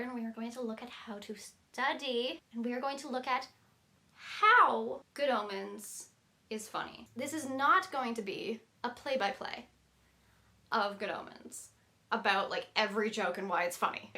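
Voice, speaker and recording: Young woman, writing vlogger, casual talk to camera, chatty, digressive, slightly high voice. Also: moderate pace, bright, forceful tone. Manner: chatty, rambling, self-interrupting with likes and digressions.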